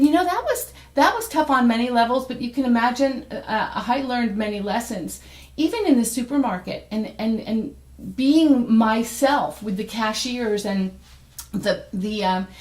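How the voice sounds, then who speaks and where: A middle-aged woman hosting a casual devotional talk, chatty and animated, with fillers and restarts. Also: fairly high pitch. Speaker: devotional host and teacher. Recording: roomy echoey room sound.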